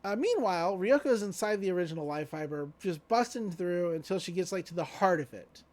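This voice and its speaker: Lively in intonation and a little fast, this mid-range voice with a darkish tone belongs to a podcast co-host recapping an anime episode. The chat is relaxed and loose, with lots of fillers and casually paraphrased quotes.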